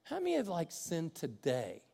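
Older male pastor, high voice, sermon delivery that shifts between loud preaching and soft asides. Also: wildly swooping pitch, moderate pace, breathy edge. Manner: swings from loud preaching to quiet, conversational asides. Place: church sanctuary with congregation. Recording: long hall reverb.

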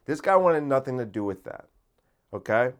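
A man hosting a podcast, telling a story in a casual, profane monologue that gets loud and giddy. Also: medium pitch, animated, normal speed, clean tone. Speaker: podcast host.

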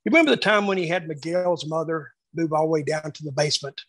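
Gravelly, husky man spinning old stories. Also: a little high, fast, no echo, poor audio. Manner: animated storyteller acting out quotes. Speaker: wrestling booker telling stories. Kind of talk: casual reminiscing conversation.

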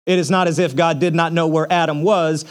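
A man's voice: a little high, fairly even intonation, a little fast, clean tone. A man preaching a sermon in a conversational way, asking rhetorical questions and using casual fillers. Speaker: pastor.

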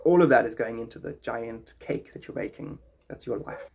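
Husky rambling podcast host, man, jokey and offbeat. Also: mid-range voice, normal speed, darkish tone. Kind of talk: rambling casual talk.

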